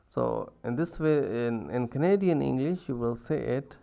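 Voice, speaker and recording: A man giving a recorded lecture, halting with many fillers and self-corrections, repeating words aloud to show how they are pronounced. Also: mid-range voice, animated, creaky, clear, resonant tone. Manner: repeats words to demonstrate pronunciations. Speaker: university lecturer.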